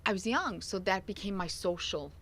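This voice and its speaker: A middle-aged woman co-hosting a casual talk show, telling stories in a chatty, animated way. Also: mid-range voice, normal speed, breathy edge. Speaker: co-host. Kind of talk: casual chat.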